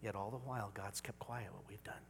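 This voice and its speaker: A man preaching a sermon as pastor, moving between hushed whispers and loud exclamations. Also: fairly low pitch, steady tone, fairly quick, background noise. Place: church. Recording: reverberant church hall.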